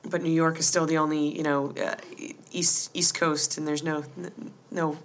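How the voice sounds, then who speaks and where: A woman's voice: sits low, level tone, normal speed, slight background noise. A woman co-hosting a casual podcast, rambling through a story with lots of fillers and frequent laughs. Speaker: podcast co-host. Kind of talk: casual recap chat.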